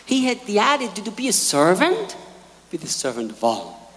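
A man preaches a sermon with lively storytelling, his pitch swinging widely. He acts out the quotes in his stories. His voice rings in a hall with a long reverb. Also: moderate pace. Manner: animated storytelling, acting out quotes.

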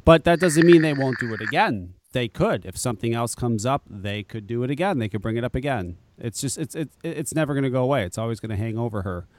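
A man chatting casually on a podcast, animated and profane, telling stories with many restarts. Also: mid-range voice, fast, few pauses, a little hiss or hum. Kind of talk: casual chat.

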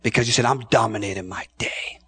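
A man preaching a sermon with passion, swinging from shouts down to hushed tones and often repeating his words. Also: lowish voice, quick pace, breathy edge. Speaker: pastor.

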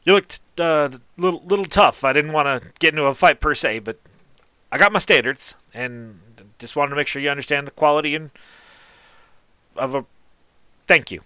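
A man voicing a grumpy male artisan in a leather apron, talking curtly and gruffly. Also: on the high side, moderate pace, long pauses, pushed and bright, dry recording, voice pushed up. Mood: gruff, grudging.

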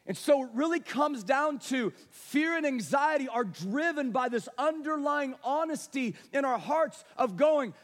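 A man preaching a passionate sermon, shifting between hushed, quiet moments and raised, urgent delivery. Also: extremely high pitch, animated, measured pace, few pauses. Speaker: pastor. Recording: reverberant hall.

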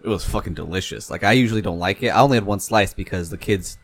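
A laid-back young man from California talks through a casual podcast chat in a somewhat low voice. He rambles, restarts his thoughts and drops the odd swear word. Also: quick pace, no echo. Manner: rambling, loose, swears casually, laughs easily. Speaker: podcast co-host.

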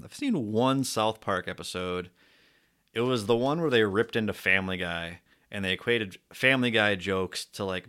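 Rambling, crude man with muttered asides. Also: fairly low pitch. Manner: swings between loud bursts and muttered asides. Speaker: show host. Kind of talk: casual comedic book rundown.

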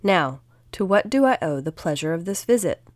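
Stern, lecturing storybook neighbor, read by a woman narrator, lowish voice, very dry. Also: sing-song, normal speed, dry recording. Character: stern, proper grown man neighbor, computer expert.

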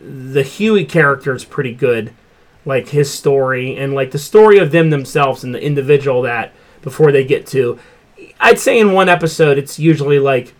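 A man's voice: medium pitch, animated, moderate pace. A man hosting a casual pop culture chat show, talking loosely and swearing freely. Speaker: podcast host.

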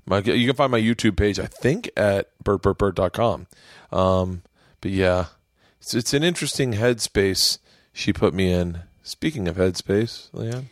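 A man's voice: fairly low pitch, a little slow, dry recording, studio quality. A middle-aged man hosting a podcast, telling stories in a rambling, profane, casual way. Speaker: podcast host. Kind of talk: casual chat. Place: home podcast room.

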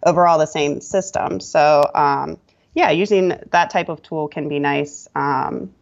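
A woman, a guest esthetician, giving relaxed advice in a casual podcast interview with many fillers. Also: low voice, a little slow, creaky, highs cut off. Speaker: guest esthetician and yoga instructor.

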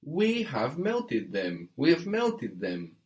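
A man's voice: medium pitch, huge pitch swings, takes it slowly, a little mellow. A man giving a one-on-one French lesson, patiently prompting and correcting step by step. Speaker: French teacher.

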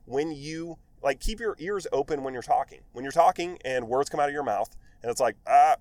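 A man hosting a casual solo podcast, telling work stories in a rambling, animated way with lots of fillers. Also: a little high, brisk, no room sound. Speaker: podcast host, medical device rep.

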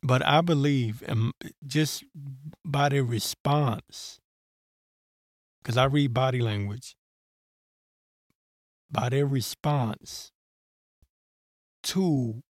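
This solo political commentary podcast features a male host whose voice sits at a medium pitch. He rambles angrily, swearing and leaning on lots of filler words. The sound is dry and studio-clean.

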